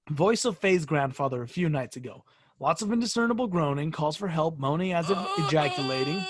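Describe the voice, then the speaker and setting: Give me a man casually reading creepy stories on a podcast in a bright, animated voice. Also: fairly quick. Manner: jokey, bursts into shrill shouted ghost voices. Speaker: podcast co-host.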